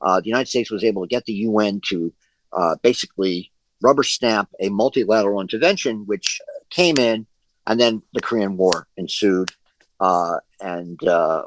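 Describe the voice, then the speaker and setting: A man's voice: lowish voice, fairly bright tone, a little hiss or hum, rough recording. A man leading an online discussion group over a video call, talking at length with many fillers and restarts.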